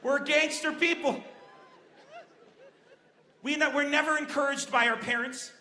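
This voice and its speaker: A man from Lebanon doing an animated stand-up comedy set on a large outdoor festival stage, acting out the voices he quotes. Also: very high voice, unhurried, a little hiss or hum. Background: crowd laughter.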